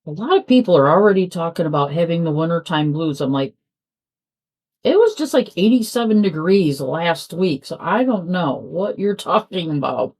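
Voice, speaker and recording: A woman's voice: lowish voice, lively intonation, normal speed, few pauses, darkish tone. A woman chatting casually at home while she works on a craft, rambling and trailing off mid-sentence. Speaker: crafting vlogger. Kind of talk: casual chat while diamond painting.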